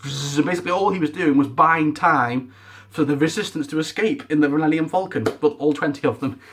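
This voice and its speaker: A young man doing a ranting review vlog, animated and exasperated, making sound effects. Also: fairly high pitch, a little fast. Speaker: film reviewer.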